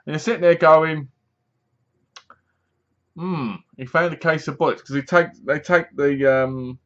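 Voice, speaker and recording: A man's voice: on the high side, fairly even intonation, unhurried, a bit bright. A man casually reviewing a horror film, rambling and sarcastic, with many restarts. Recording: dull lo-fi home recording.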